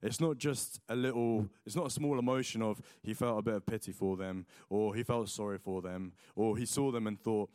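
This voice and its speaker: A man's voice: on the low side, a little fast, few pauses, clear, resonant tone, dry recording. Young man preaching, chatty and dry. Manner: chatty, lots of likes and ums, animated retelling. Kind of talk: sermon with personal storytelling.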